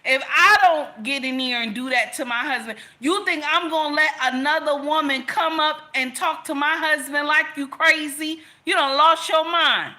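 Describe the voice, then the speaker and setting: Speaking directly to camera, this commentator rants with passion, scolding viewers and repeating points to drive them home. Her voice sits high, bright and forceful, moving at normal speed with hardly any pauses.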